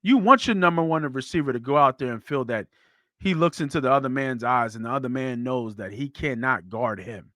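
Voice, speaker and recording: A man hosting a sports podcast, talking football in a blunt, animated way that swears freely. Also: medium pitch, fairly quick, dry recording, studio quality. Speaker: podcast host. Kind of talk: casual sports talk.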